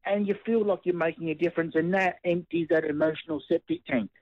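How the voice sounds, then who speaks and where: Moved Australian caller on a phone line. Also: male voice, a little high, steady tone, quick pace, no echo. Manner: earnest, candid, moved. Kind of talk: call-in radio talk.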